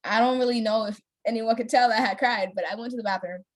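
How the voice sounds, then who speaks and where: A woman's voice: a little high, quick pace. A young adult woman chatting casually as a gameplay vlogger, rambling with many fillers and laughing easily. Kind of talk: casual chat while playing a story game.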